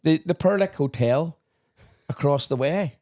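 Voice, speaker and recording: A man's voice: on the high side, a little slow, mellow. A man, co-hosting a casual podcast, throwing in dry remarks and local sayings and telling his own stories with plenty of swearing. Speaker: podcast co-host. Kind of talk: casual chat.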